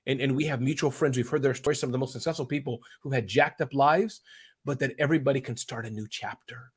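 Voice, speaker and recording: A man chats as an interview guest. He rambles and gets emotional as he goes, and his voice stays animated throughout. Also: mid-range voice, quick pace, husky. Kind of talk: casual interview chat.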